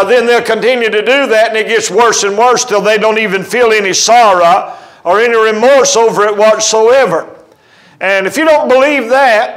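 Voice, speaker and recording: A man preaching from the pulpit with a high-set voice. He delivers the sermon emphatically, telling stories and acting out quoted dialogue along the way. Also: a bit bright, poor audio. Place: church sanctuary.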